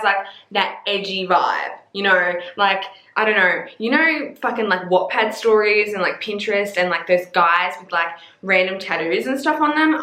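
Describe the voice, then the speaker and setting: A woman's voice: medium pitch, pushed and bright, roomy sound. A woman in her twenties with an Australian accent, chatting casually about books, gushing and swearing freely. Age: 20s. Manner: gushing and sweary, with playful swooning asides. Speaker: book vlogger. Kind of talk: casual chat.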